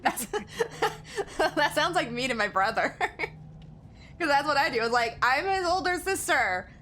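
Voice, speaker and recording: A woman's voice: sits high, very animated, takes it slowly, a bit bright, slight background noise. A young woman streaming a game, chatting casually with a friend and her viewers and laughing often. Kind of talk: casual chat while livestreaming a game.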